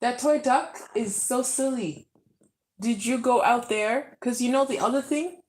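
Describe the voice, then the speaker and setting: A woman's voice: on the high side, unhurried, darkish tone, poor audio. A young woman vlogging casually at home with her family, chatting animatedly to her kids and viewers. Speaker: parent vlogger. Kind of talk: casual family vlog chat.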